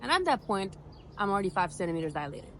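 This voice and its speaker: A woman's voice: medium pitch, fast, slight background noise, low-quality recording. Chatty young woman telling a story. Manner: chatty, animated, acts out her own reactions. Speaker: vlogger telling her birth story. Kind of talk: casual storytelling to camera.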